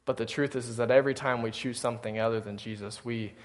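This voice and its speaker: A man's voice: mid-range voice, fairly even intonation, fast. A male pastor preaching a sermon in a church, earnestly speaking to his congregation and reading scripture aloud. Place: church sanctuary.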